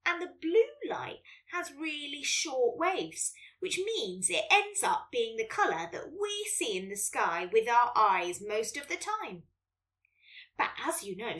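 A woman hosts a children's podcast and reads a story aloud in a gentle, lively way. Her voice is bright and fairly high, rising and falling a great deal. She sits a little back from the mic. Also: measured pace, far from the mic.

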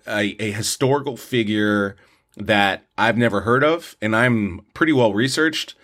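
A man's voice: lowish voice, a bit bright. A man co-hosting a podcast, casually reviewing films in an opinionated, rambling way with lots of restarts. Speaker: podcast co-host, film reviewer. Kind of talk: casual movie review chat.

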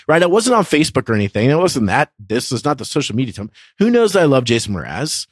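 A man in his thirties hosting a faith podcast, telling a story in a lively, laughing way. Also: fairly high pitch, brisk, hardly any pauses, no room sound, clean studio sound. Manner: animated, laughs through his own story. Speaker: podcast co-host. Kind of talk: casual storytelling chat.

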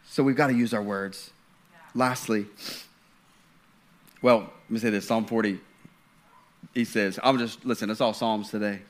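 A man's voice: on the low side, steady tone, a little slow, pauses often. A man preaching a sermon in a conversational style, stumbling and restarting, then building to fervent passages. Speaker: pastor.

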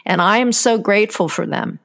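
A woman's voice: medium pitch, very animated, brisk, vocal fry. Chatty woman host. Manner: chatty, warm reassuring interjections, rambling restarts. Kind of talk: casual chat.

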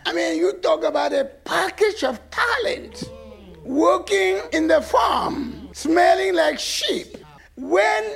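Preacher, man, sixties, gravelly high voice, emphatic shouting bursts. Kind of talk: sermon.

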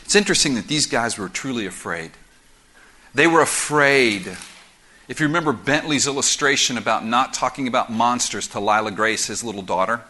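A man preaching a sermon as pastor, explaining scripture verse by verse in an animated, conversational way with quick asides. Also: medium pitch. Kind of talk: expository sermon.

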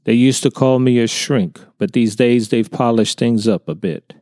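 A man's voice: medium pitch, normal speed, a little mellow, no room sound, studio quality, lightly acted. A man voicing a genial Southern neighbor, a retired counselor, with a folksy drawl in a storybook reading.

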